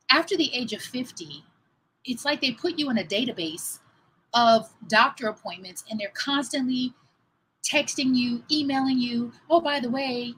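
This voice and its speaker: A woman in her fifties, a fitness trainer hosting a livestream, telling a story in a chatty, animated way and talking straight to her viewers. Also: a little high, slight background noise, rough recording.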